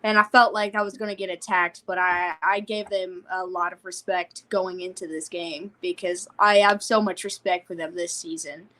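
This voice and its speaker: A young woman hosting a casual sports livestream from home, talking at a desktop mic in an excited, rambling way. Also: on the low side, moderate pace, hardly any pauses. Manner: excited, rambling, laughs often. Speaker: livestream host.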